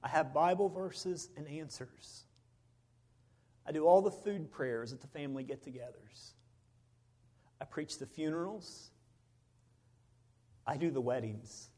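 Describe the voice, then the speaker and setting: A middle-aged man, a preacher, telling a personal story in a sermon, swinging between loud bursts and hushed moments. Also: a little high, a little slow, pauses often, breathy edge.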